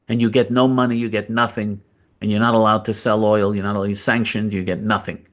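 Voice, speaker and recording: A male political commentary host with a lowish voice speaks at a moderate pace and fairly even intonation. His monologue is blunt and combative, with phrases repeated for emphasis.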